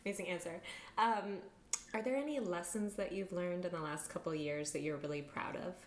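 Woman podcast host, lowish voice, roomy sound with faint hiss. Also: brisk. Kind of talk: conversational interview.

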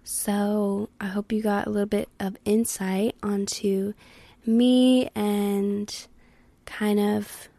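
Young woman doing a solo podcast, slow laid-back talk, mellow dry sound, swears a lot, drops to whispers. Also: medium pitch, flat delivery, creaky, no room sound. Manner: candid, rambling, swears freely, drifts into whispers. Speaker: podcast host. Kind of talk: casual solo podcast chat.

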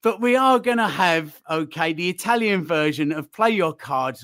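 A man's voice: a little high, lively intonation, moderate pace, fairly bright tone, no room sound. A man running a jokey game-show quiz on a fan podcast, with playful mock-presenter patter.

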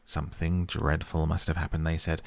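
A man voicing a cheerful, bold male otter who tells a lively story. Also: a bass voice, moderate pace, vocal fry, dry recording.

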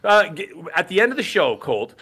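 A middle-aged man in casual podcast chat with a bright, forward tone and a slightly higher pitch than most men. He talks emphatically and gets worked up easily, tripping over and repeating his words as he goes. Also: very animated, moderate pace, slightly rough. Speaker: podcast co-host.

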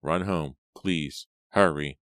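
Earnest young guy in love, guy reading it, super deep voice. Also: slow, fairly bright tone, no echo, studio quality, full character voice. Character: earnest young man, devoted and hopeful.

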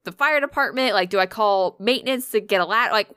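Bright, profane woman telling a story. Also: mid-range voice, quick pace, clean tone, dry recording, studio quality. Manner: animated, profane, swears freely. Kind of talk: casual storytelling chat.

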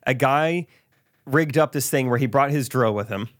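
A man co-hosting a podcast in casual chat, curious and quick with follow-up questions. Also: medium pitch, dry recording, clean studio sound. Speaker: podcast co-host.

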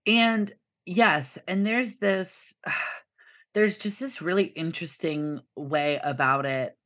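A woman's voice: lowish voice, fairly even intonation, slow pace, a bit bright. A woman co-hosting a podcast, talking about a film casually, with emphatic, frequent swearing. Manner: profane, emphatic, swears often. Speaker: podcast co-host.

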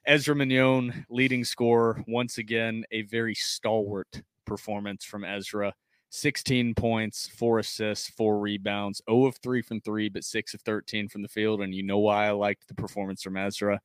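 A man co-hosting a casual sports podcast, reading game stats in a steady recap and joking with his co-host. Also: fairly low pitch, clean tone, no room sound, studio quality. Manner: reads box-score stats in a steady, measured recap.

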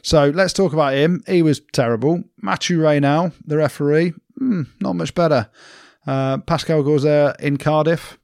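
A man's voice: a little high, normal speed, vocal fry, hardly any pauses, a little mellow, no room sound, studio quality. A man co-hosting a casual rugby podcast, joking and blunt. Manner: jokey, mock-French asides, blunt. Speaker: podcast co-host.

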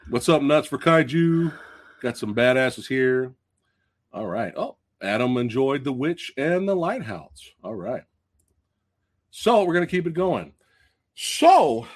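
Male livestream host with a lively, swooping voice, excitable and profane. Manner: excitable, profane, swings from loud outbursts to low mutters. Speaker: podcast host. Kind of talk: casual movie review livestream.

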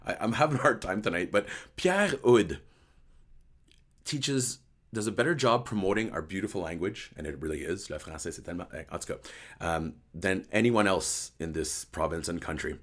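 A man with a slightly low, hoarse voice and a light French-Canadian accent hosts a casual chat show. He sounds worn out and rambles, pokes fun at himself and drifts between English and French. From Quebec, Canada. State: tired. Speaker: host. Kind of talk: casual chat to a live stream chat.

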